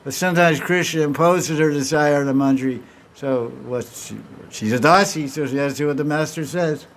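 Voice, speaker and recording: With a slightly high voice and a slightly fast pace, a man teaches at a devotional gathering over a little hiss or hum. He narrates a story, performs its dialogue and restarts many times during this devotional lecture with questions.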